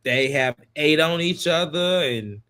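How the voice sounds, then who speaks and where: A man with a fairly high voice co-hosts a loose, casual recap chat. He talks in rambling, laughing asides and trails off mid-thought. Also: bright, forceful tone, clean tone. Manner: chatty, laughing, drawn-out asides. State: yawning. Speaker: podcast co-host.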